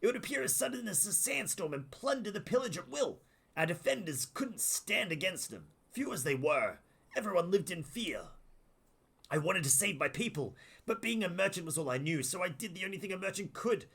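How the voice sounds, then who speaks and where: A man's voice: high voice, big pitch swings, a little fast, vocal fry, a bit bright, husky, full character voice. An Australian man reading aloud game dialogue for a nervous male desert merchant who pleads and frets. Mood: pleading.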